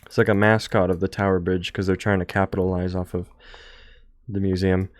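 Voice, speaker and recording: A man's voice: low-pitched, little pitch movement, fairly quick, dry recording. A young man streamer rambling casually and jokingly, trailing off now and then. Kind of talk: casual chat over travel photos.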